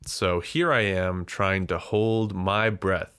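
A man's voice: deep voice, fairly even intonation, takes it slowly, fairly bright tone, smooth. A man hosting his solo podcast, slightly out of breath from a big meal, rambling and self-deprecating with frequent restarts. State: out of breath after overeating. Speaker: podcast host. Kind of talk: casual solo podcast monologue.

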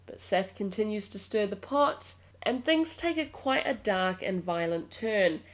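A woman's voice: mid-range voice, lively intonation, measured pace. Blunt, swearing woman podcast host. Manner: blunt and exasperated, swears freely, laughs often. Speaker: true crime podcast host. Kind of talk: casual storytelling podcast narration.

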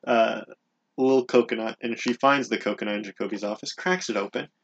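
A man's voice: fairly low pitch, normal speed, gravelly, dull audio, a little hiss or hum. A man co-hosting a casual podcast, leading the recap and teasing his co-host dryly. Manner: dry, teasing, leads the recap. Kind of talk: casual chat.

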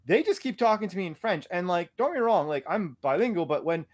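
A young man casually telling a story on a podcast, animated and profane, acting out what he said. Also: high voice, fast, a crowd in the background.

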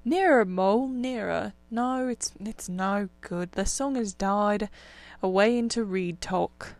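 A woman reading the part of a dreamy, gentle male water rat in a storybook, speaking softly and in a murmur. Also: medium pitch, takes it slowly, no room sound. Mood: hushed. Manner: soft, murmuring, drowsy.

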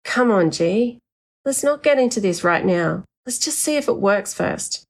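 A woman reading the lines of a young man, a calm and patient friend, in a steady, reassuring way. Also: medium pitch, a little slow, gravelly. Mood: soothing.

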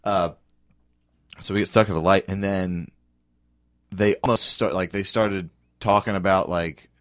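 A man's voice: deep voice, fairly even intonation, a little slow. A man co-hosting a talk show, telling a story in casual chat and acting out the voices of the people in it. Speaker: co-host.

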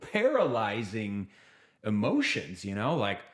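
Animated male podcast guest storyteller. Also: lowish voice, takes it slowly. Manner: animated, acts out quotes, trails off and restarts. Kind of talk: casual storytelling in a podcast interview.

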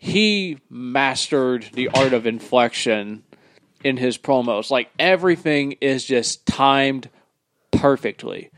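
A man's voice: mid-range voice, animated, takes it slowly, noisy background. A man co-hosting a casual podcast chat, breaking things down in earnest commentary. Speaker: podcast co-host.

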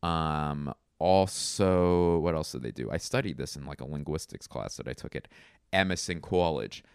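Close and dry, with no echo, a man with a low, smooth voice rambles through a comic monologue at normal speed. He mocks himself and curses freely.

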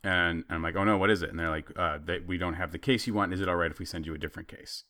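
A man's voice: deep voice, fairly even intonation, racing, pushed and bright, no echo. A man in his thirties telling a story in casual chat, acting out the quoted lines with animation.

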